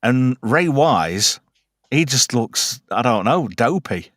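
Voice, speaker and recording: A man's voice: mid-range voice, expressive, slow pace, a bit bright, dry recording, clean studio sound. A man hosting a casual film chat, crude jokes and many fillers. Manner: chatty, crude joking, lots of fillers. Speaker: podcast host.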